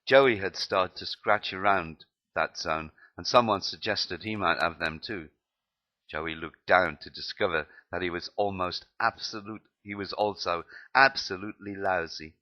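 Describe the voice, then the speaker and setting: Deep-voiced man reading his memoir aloud, plain delivery, lo-fi sound. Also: unhurried. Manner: plain reading with slips and restarts. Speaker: narrator.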